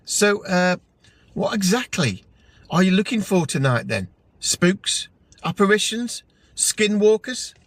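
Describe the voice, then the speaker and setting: A man's voice: high-pitched, expressive, slow, no room sound, pitched above the performer's own voice, full character voice. A man voicing a suspicious, theatrical male pub regular who speaks knowingly. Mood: scheming.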